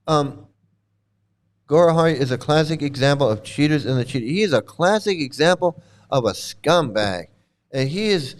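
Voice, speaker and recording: A man talks in a casual reaction commentary, with a fairly high voice. He is blunt and mocking, swears often and circles back to the same lines again and again. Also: expressive, normal speed. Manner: blunt, mocking, profane, repeats himself. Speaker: channel host commenting on a livestream.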